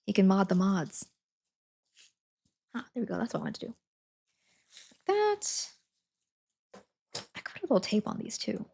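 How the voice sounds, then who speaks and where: A woman's voice: mid-range voice, fast, vocal fry, long pauses, mellow, slight background noise. Woman streamer, casual chat, giggly, talks to viewers while packing, home setup. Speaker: livestreamer.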